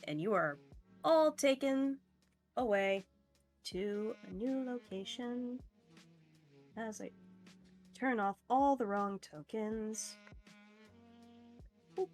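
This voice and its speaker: A woman narrates a tabletop game as game master, taking her time with relaxed pacing. Her voice sounds mellow and unhurried. She fills pauses with small hesitations, and faint music plays underneath. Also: a little high. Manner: slow, relaxed narration with fillers and laughs.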